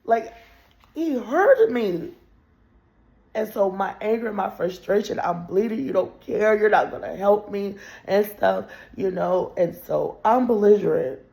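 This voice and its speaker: A woman's voice: medium pitch, normal speed, creaky, few pauses, warm tone. A woman telling a rambling, profane story straight to her viewers in a casual monologue.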